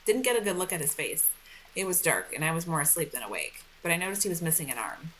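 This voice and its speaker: A woman reading the lines of a working-class male witness in a video game, in a casual, low-pitched way. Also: sing-song, fast talker, a bit bright, a little hiss or hum, low-quality recording. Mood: recalling. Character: working-class London man, a plain-spoken witness. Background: game music.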